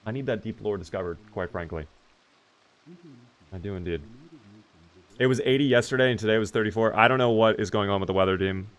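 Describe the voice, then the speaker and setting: A man with a lowish voice chats casually with his live-stream audience while playing a video game, talking a little fast and pausing often. He reads out viewers' messages, answers them, and swears now and then.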